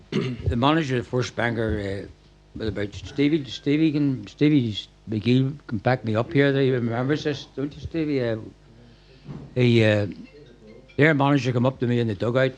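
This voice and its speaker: An older man, a former football manager telling lively anecdotes at a club night and acting out what people said. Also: mid-range voice, moderate pace, muffled recording. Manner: animated storyteller, acts out quoted lines. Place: packed function room.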